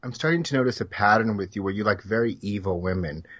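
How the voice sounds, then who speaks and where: A man's voice: on the low side, fast, fairly bright tone, no echo, dull audio. A man co-hosting a comedy podcast remotely, talking in a blunt, dry, offhand way. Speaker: podcast co-host. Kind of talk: casual comedic chat.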